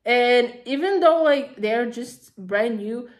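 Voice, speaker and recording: A woman talking casually through an unboxing, excitable and chatty, gushing over each item with lots of fillers. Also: on the high side, slow. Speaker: vlogger.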